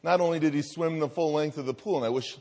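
A man in his thirties preaching, telling a family story in a lively way and acting out the voices of the people in it. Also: fairly high pitch, quick pace. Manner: animated storytelling, acts out voices. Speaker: pastor. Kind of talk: sermon with personal story. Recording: reverberant hall.

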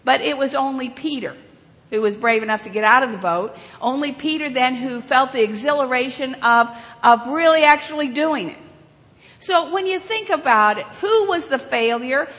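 A woman retelling a story as a sermon, animated and dramatic, asking her listeners questions. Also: high-pitched, moderate pace. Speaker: children's sermon leader. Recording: reverberant hall.

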